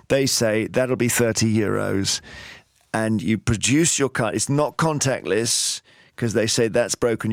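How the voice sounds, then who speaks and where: A man hosting a radio show, chatting briskly with dry little asides. His voice sits at an ordinary middle pitch. It is recorded close on a studio mic with no room sound at all. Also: no echo. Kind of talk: casual radio phone-in chat.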